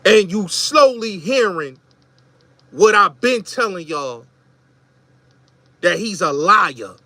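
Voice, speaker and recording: Middle aged bronx guy w/ new york accent going off on a rant, high voice, slow and emphatic. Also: expressive, bright, forceful tone, no echo. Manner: emphatic, repetitive, accusatory ranting. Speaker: host. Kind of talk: heated commentary monologue.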